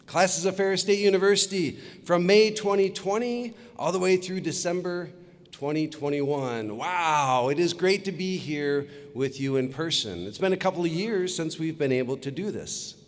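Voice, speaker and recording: Upbeat man, commencement speaker, a bit higher-voiced, lively delivery with long arena reverb. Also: moderate pace. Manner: upbeat storytelling, leads crowd chants. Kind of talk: commencement speech.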